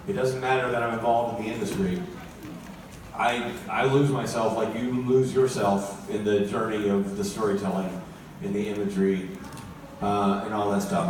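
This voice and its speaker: A man joking and chatting with a convention audience on a panel, an animated storyteller. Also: lowish voice. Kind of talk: casual panel chat with audience. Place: large convention hall. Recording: echoey hall recording from far off, noisy.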